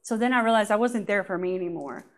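A woman giving a lively personal testimony at church, often laughing and acting out what people said. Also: mid-range voice, fast talker.

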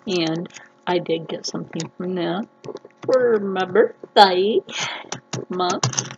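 A woman vlogging a casual unboxing, gushing and excitable, jumping into high squeals of delight. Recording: dull lo-fi sound with clear background noise.

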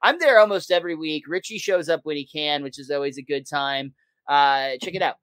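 A man's voice: a little high, brisk, a bit bright, clear, resonant tone, no room sound. A man co-hosting a podcast, casually recapping a cartoon episode with lots of fillers and chuckles. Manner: laid-back recapping with frequent fillers and laughs. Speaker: podcast co-host.

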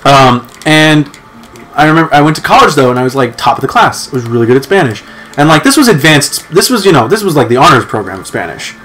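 A man's voice: fairly high pitch, sing-song, fast, a bit bright. Young man telling a rambling story. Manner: rambling storyteller, swears freely, many restarts. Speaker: podcast co-host. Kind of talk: casual chat.

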